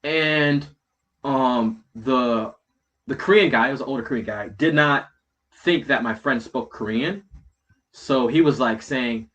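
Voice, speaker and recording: A man with a bright, clear-toned voice tells a rambling anecdote in casual slang. He swears freely and uses many fillers. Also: mid-range voice, normal speed, muffled recording. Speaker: guest. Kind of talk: casual chat.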